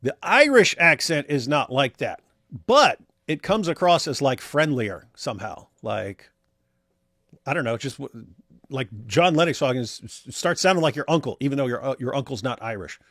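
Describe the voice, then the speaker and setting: Brief: male co-host, mid-pitched, dry close sound, wry and rambling. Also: animated, moderate pace, a bit bright, dry recording. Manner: rambling, wry, many restarts. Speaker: livestream co-host reading super chats. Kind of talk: casual livestream chat.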